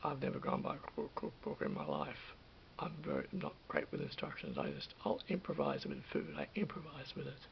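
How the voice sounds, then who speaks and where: A man's voice: medium pitch, huge pitch swings, a little fast, gravelly. An Australian man in his fifties rambling through a solo vlog, often restarting and repeating himself. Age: 50s. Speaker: vlogger. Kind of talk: rambling monologue. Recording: dull lo-fi with hiss.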